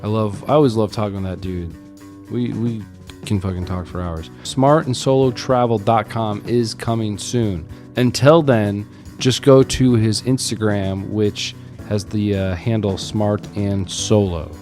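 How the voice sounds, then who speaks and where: A man's voice: on the low side, measured pace, hardly any pauses, faint music behind. Laid-back male podcast host. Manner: relaxed, joking, swears casually. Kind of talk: casual podcast hosting.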